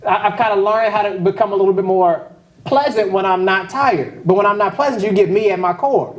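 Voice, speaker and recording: Here a man sits high in pitch and moves briskly as he preaches a relaxed, chatty sermon, cracking jokes to his congregation. The recording comes from far off in a hall full of echo.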